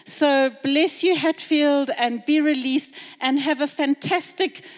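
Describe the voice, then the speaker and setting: A woman's voice: high-pitched, steady tone, takes it slowly. A woman closing a church service with encouraging, conversational remarks. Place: church hall. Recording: church hall with long reverb.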